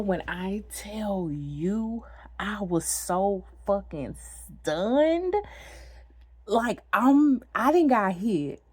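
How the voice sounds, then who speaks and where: Animated, profane woman telling a story. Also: on the low side, no room sound. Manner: animated, profane, talks to viewers as "girl". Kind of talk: casual story time.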